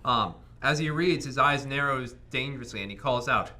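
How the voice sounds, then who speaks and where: A man playing a board game with friends, reading story passages aloud in a lively, playful way with quick quips. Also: mid-range voice.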